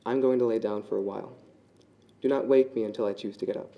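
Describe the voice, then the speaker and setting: A man voicing a calm, possessive female spider in a fable he reads aloud, in a cold, quiet, coolly cruel manner. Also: fairly low pitch, fast talker, creaky, highs cut off.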